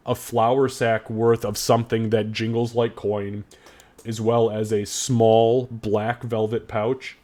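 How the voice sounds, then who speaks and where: A man narrating as game master of a tabletop game, describing scenes quickly with fillers and restarts. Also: on the low side, a little mellow.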